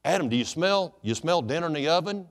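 A man's voice: on the high side, lively intonation, fast talker, long reverb tail, voice pushed up. A man preaching, voicing God in a joke with coaxing, leading questions. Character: coaxing, jovial God telling Adam about a wife.

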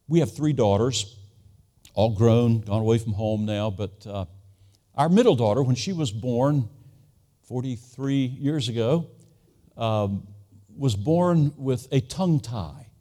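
A man's voice: medium pitch, animated, slow pace, warm tone. A man in his sixties preaching a sermon, telling a family story earnestly and acting out the voices he quotes.

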